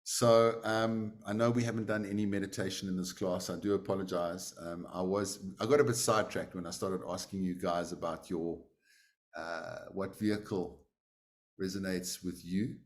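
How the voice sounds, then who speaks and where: A male meditation teacher with a fairly low voice tells a story to his class. He speaks conversationally, with pauses and fillers, and closes with plain class notices. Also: fairly even intonation. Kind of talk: storytelling in a lesson.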